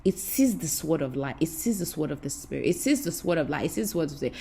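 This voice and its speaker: In a spiritual talk to camera, a woman with a low, warm, husky voice preaches to her listeners directly. She speaks quickly and expressively with a creaky edge, barely pausing, and her delivery is impassioned, repetitive and preacherly.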